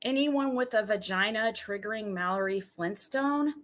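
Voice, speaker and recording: Bright, indignant woman streamer ranting. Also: mid-range voice, moderate pace. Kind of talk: livestream drama commentary.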